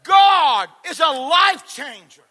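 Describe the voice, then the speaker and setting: A man preaching a sermon, moving between shouted, fervent exhortation and laid-back, joking storytelling. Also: very high voice, lively intonation, slow.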